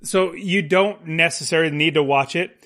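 Rambling, chatty man with a slightly high voice. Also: normal speed, fairly bright tone. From United States. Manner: rambling, with frequent fillers and laughs. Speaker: podcast co-host discussing films. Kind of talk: casual chat.

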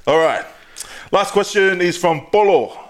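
A man's voice: high voice, expressive, measured pace. A man co-hosting a podcast, telling sheepish stories about himself with lots of laughter. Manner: sheepish, laughing, self-mocking. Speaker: podcast co-host. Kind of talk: casual banter.

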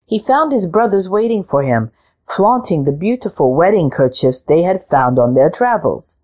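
A woman reading a picture book aloud in a slow, expressive storytelling manner. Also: on the low side.

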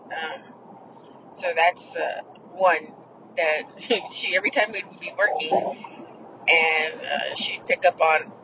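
A woman's voice: low voice, slow pace, lo-fi sound, heavy background noise. A woman hosting a podcast, casually telling stories in a rambling way and swearing freely. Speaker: podcast host. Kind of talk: casual storytelling.

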